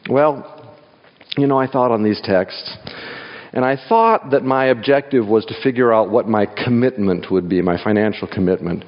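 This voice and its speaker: A man's voice: on the low side, moderate pace. A man giving a sermon as a guest speaker in church, telling personal stories and jokes and reading scripture aloud. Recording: dull sound in a hall with long reverb.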